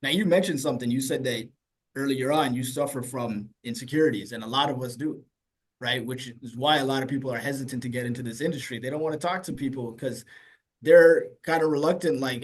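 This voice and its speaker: A man's voice: mid-range voice, brisk. A man hosting an interview, affirming his guest and recapping the guest's points before asking a question. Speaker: host.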